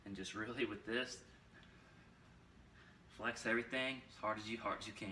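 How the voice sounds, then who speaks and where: Young man, casual coach, breathless, rambling, lowish voice, recorded from across an echoey room. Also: steady tone, moderate pace, pushed and bright, slight background noise. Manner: rambling, repeats himself, many fillers. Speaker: fitness coach. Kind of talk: casual instructional vlog. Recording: roomy echo, mic far off.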